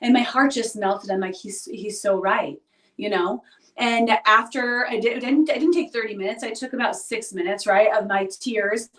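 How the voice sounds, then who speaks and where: A woman's voice: on the high side, normal speed, fairly bright tone. Earnest woman in an echoey room. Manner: earnest, confiding, often asks "right?". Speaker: vlogger. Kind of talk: reflective personal monologue. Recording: roomy echo, distant mic.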